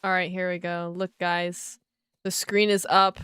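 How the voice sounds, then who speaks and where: A young woman livestreaming a game launch, chatting excitedly to her viewers and calling them guys. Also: fairly low pitch, measured pace, clear, resonant tone, no room sound, studio quality. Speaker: livestreaming gamer. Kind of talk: casual livestream chat.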